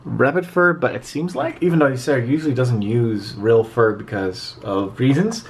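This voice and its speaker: A native Dutch-speaking vlogger chats casually to camera, rambling with many fillers, in a mid-range voice at a moderate pace. It was recorded on a handheld camera mic with light background noise.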